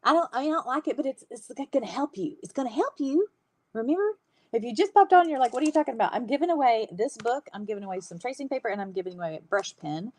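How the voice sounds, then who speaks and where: A woman's voice: on the high side, animated, quick pace, dry recording. Chatty woman hosting a livestream. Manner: chatty, warm-hearted, laughs often. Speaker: livestream host teaching hand lettering. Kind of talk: casual livestream chat.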